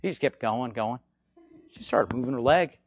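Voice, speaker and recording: Animated, slightly hoarse male preacher. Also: normal speed, dull audio. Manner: animated, swings between loud bursts and low asides; repetitive, conversational, frequent "okay?" check-ins. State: hoarse from frequent yelling. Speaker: faith healing minister. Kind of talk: informal spoken teaching.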